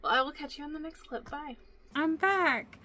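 Bright-voiced chatty woman vlogger. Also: high voice, normal speed. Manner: rambling, filler-heavy, chatty. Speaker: vlogger and craft seller. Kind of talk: casual chat. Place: home sewing office, indoors. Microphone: phone camera.

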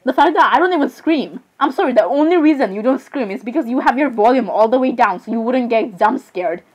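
A young woman with a somewhat high voice chats through a game, giggling often and stumbling over her words. She rambles casually, filling her talk with "literally" and "I'm sorry" asides as she reacts. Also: expressive, brisk, slightly rough. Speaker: gamer. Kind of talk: casual gameplay commentary.

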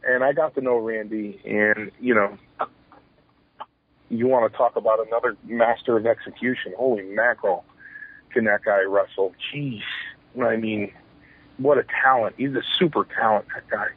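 Interview guest, man in his forties, husky, animated storyteller who acts out quotes; phone-line quality. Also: fairly low pitch, moderate pace, dry recording. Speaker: former pro wrestler, guest. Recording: tinny phone-line sound.

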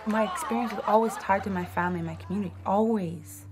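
A woman's voice: medium pitch, fast, a loud crowd, heavy background noise. A woman in a documentary interview, telling a personal story reflectively with casual fillers.

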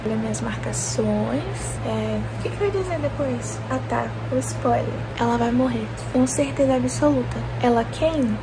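A woman's voice: on the high side, brisk, few pauses, background noise. A young woman, ranting dramatically and exasperatedly about a book in a casual reading vlog. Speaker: book vlogger.

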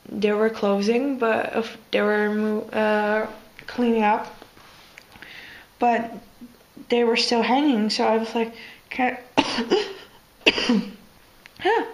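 Unhurried young woman. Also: medium pitch, low-quality recording. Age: 20s. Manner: rambling, hesitant, many fillers and restarts. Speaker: vlogger. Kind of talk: casual chat to camera.

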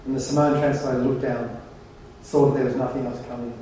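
A man giving a humorous keynote at a conference, telling anecdotes in a wry, animated way. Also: mid-range voice, fast talker, slight background noise. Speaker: conference presenter. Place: large conference hall. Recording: very echoey hall, distant mic.

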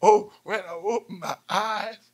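A man preaching a call-and-response sermon, swinging from shouts to near-whispers as he tells stories. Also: high-pitched, fairly even intonation, unhurried.

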